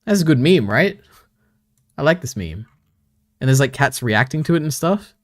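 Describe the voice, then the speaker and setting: A man's voice: medium pitch, sing-song, normal speed. A man streaming casually, reading his chat aloud and bantering back with frequent chuckles.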